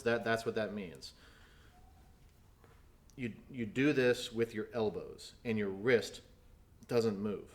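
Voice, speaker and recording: In a video snare drum lesson, a man with a mid-range voice patiently explains technique and counts aloud while demonstrating.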